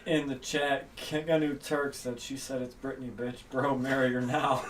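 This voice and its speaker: A man co-hosting a casual livestream, reading out donations and chat messages. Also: mid-range voice. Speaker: livestream co-host. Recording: distant mic with faint room noise.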